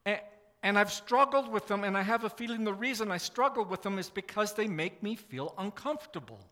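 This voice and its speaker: A man's voice: high-pitched, a little fast, bright, forceful tone. A man preaching a sermon in a church, talking in a conversational, self-deprecating way with frequent restarts. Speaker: pastor. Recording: long reverb of a church hall.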